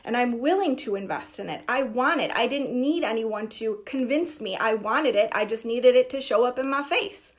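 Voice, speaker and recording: A young woman coaching on business in a casual, energetic talk, emphatic and acting out inner voices. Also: on the high side, normal speed, hardly any pauses. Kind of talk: casual direct-to-camera talk.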